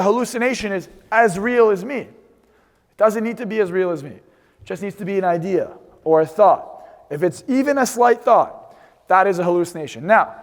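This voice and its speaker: A young man with a high, light voice speaks on stage to a live audience. His delivery is energetic and boastful, and it carries the long reverb of a large hall. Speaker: hypnosis seminar speaker. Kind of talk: live seminar talk to an audience.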